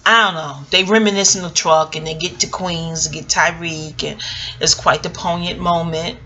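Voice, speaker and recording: A woman's voice: on the low side, fairly even intonation, moderate pace, bright, forceful tone, a little hiss or hum. A woman giving a casual, rambling TV episode review, joking and scattered, with frequent asides and free swearing. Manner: swears freely. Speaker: TV recap vlogger.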